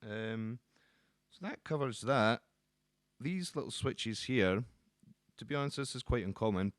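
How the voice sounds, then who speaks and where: A man who works as a guitar teacher, explaining the instrument in a relaxed, casual way with frequent ums and restarts. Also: medium pitch, a little slow, no room sound, clean studio sound.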